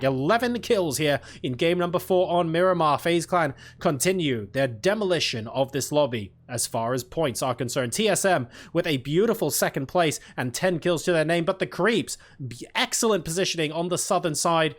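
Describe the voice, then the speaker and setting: A man calling a live esports match with rapid, excitable play-by-play commentary that jumps into bursts of excitement on big plays. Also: fairly high pitch. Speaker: esports caster. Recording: gunfire from the game behind the voice.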